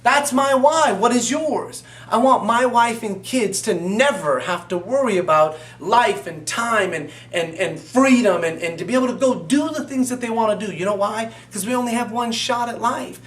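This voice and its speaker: A man's voice: very high-pitched, normal speed, few pauses, a bit bright. A man speaking as a motivational business coach, emphatic and repetitive as he urges the listener on. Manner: emphatic, repetitive, fervent exhortation. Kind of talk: motivational talk to camera. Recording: echoey room, voice from a distance.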